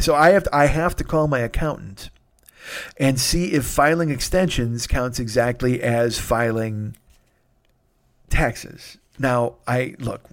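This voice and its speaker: A podcast host with a medium-pitched voice rambles through a self-deprecating story in a casual monologue. He swears freely and breaks into sudden loud outbursts.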